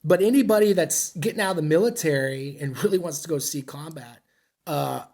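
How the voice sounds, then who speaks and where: A man's voice: a little high, brisk, vocal fry, a little mellow. Blunt, rambling veteran man. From United States. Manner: rambling, blunt, profane, self-mocking. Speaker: podcast guest, military veteran. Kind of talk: casual interview storytelling.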